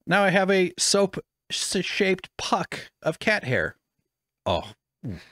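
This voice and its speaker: A man's voice: high voice, very animated, slow pace, bright, forceful tone, no echo, clean studio sound. Rambling, self-mocking male podcast host. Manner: rambling, self-deprecating, swears freely. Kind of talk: casual rambling chat. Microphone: studio microphone with headphones.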